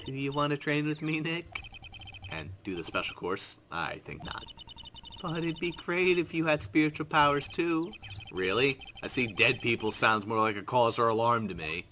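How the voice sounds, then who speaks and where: A man's voice: medium pitch, pushed and bright, slight background noise. A man hosting a let's play, reading game text aloud with wry, sarcastic asides. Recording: game music underneath.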